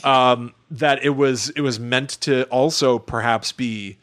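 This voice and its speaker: A man's voice: medium pitch, steady tone, slow pace, fairly bright tone. A man co-hosting a podcast, chatting casually and thinking aloud with frequent restarts. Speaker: podcast co-host. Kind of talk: casual chat.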